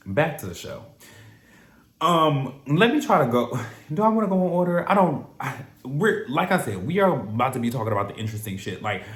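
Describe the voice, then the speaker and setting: Sassy, profane young man recapping TV. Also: medium pitch. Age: young adult. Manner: animated, profane and sassy, drawn-out words for emphasis. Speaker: reality TV recap host. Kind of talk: casual recap commentary. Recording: echoey room.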